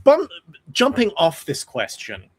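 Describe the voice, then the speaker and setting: A man with a lively, swooping voice that sits slightly high hosts a relaxed streamed chat. He reads questions from chat, swears freely, and laughs readily. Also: measured pace, husky. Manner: animated, swears, laughs easily. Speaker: stream host.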